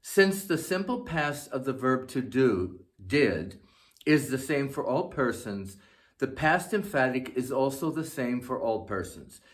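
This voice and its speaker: A man presents a language lesson at an unhurried, measured pace. He enunciates every word deliberately, with a mid-range voice. The delivery is scripted and methodical. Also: mid-range voice, very animated. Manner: slow, deliberate, carefully enunciated. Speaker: language teacher.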